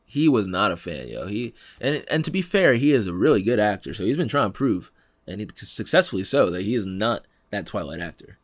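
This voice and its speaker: Young man, podcast host, lively swooping voice, slangy, laughs often, dry close sound. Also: fairly low pitch, brisk, no room sound. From Pennsylvania, United States. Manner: animated, laughing, slangy, acts out quotes. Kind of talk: casual chat.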